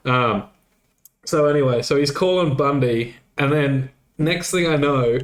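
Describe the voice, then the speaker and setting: Man, podcast co-host, casual swearing storyteller, mid-pitched, echoey room. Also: unhurried. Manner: swearing, animated retelling with quoted dialogue. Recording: roomy echo.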